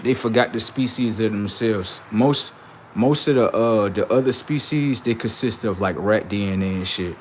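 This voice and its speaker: A man's voice: on the low side, normal speed, slight background noise. A man hosting a reaction stream who talks in a crude, rambling and boastful way. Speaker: stream host.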